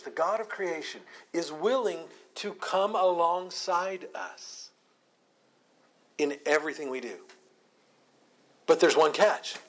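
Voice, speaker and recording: A man leading a Bible study, teaching with emphatic, repeated phrases. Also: a little high.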